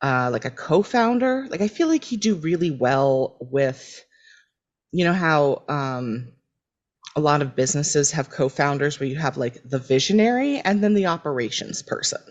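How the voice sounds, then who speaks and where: A woman's voice: low voice, lively intonation, normal speed, highs cut off. A woman co-hosting a podcast in casual chat, making dry, wry remarks. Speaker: podcast co-host. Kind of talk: casual chat recapping a TV show.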